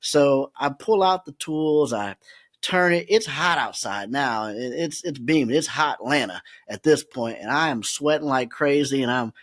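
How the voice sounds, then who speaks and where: A man who is a podcast guest, telling a story in a lively way and often laughing as he talks. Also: mid-range voice, moderate pace. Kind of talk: animated storytelling.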